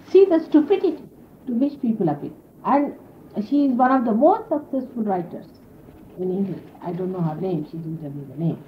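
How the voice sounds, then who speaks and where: Woman spiritual teacher with a lively, rising-and-falling voice, speaking conversationally to a gathering of followers. The 1970s archive tape sounds dull and lo-fi, with a faint steady hiss behind her. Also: mid-range voice, normal speed. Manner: conversational, explanatory, sprinkled with "you see". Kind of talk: informal spiritual talk to followers. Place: indoor gathering.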